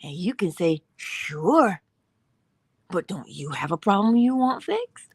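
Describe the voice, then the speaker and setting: A woman with a low, husky voice delivers an inspirational spiritual talk as host of a morning livestream. She speaks with animation, slips into little voices, and sinks into soft whispers for emphasis. The sound is dry and close. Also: slow, dry recording. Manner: animated, acts out dialogue in voices, drops to whispers.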